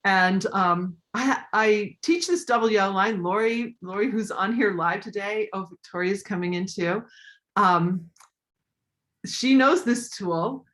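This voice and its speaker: A woman coach giving tips in a live online talk, animated, acting out voices as she demonstrates them. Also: medium pitch, a little slow. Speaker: voice and communication coach.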